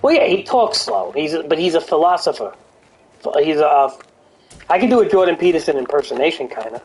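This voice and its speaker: A man's voice: fairly high pitch, expressive, fairly quick, slightly rough. An older man streaming a game, chatting casually in a blunt, profane, rambling way. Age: older adult. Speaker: gaming streamer. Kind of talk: casual chat over gameplay.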